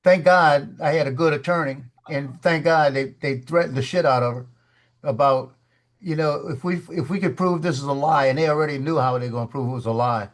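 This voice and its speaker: A man's voice: fairly high pitch, brisk. A man in a casual studio chat, telling a story with restarts and repeated words and acting out the people in it. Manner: animated storyteller, acts out the voices of people in his story.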